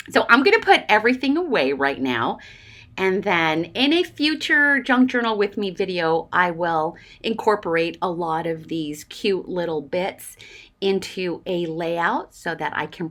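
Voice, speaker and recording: Gushy woman crafter vlogging, super animated ups and downs, laughs a lot. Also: lowish voice. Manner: gushing, grateful, laughs often. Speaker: junk journaling crafter. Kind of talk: casual craft vlog, opening happy mail.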